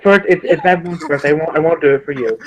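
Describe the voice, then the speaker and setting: A man's voice: a little high, fast, highs cut off. A man on a drunk group stream, talking hyper and crude, with lots of laughing and stammering. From Michigan. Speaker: stream guest. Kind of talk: drunk casual chat.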